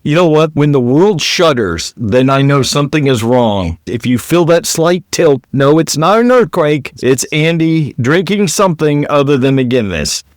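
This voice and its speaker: A man's voice: fairly high pitch, animated, normal speed, few pauses, no echo. Chatty male podcast co-host, dry close mic. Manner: jokey, conversational, enthusiastic storytelling. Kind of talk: casual history podcast chat.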